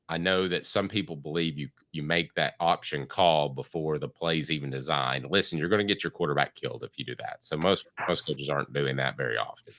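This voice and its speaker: A man's voice: a bass voice, fairly bright tone. Congested man hosting sports talk. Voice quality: froggy voice. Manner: opinionated, emphatic. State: congested from allergies. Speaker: sports podcast host.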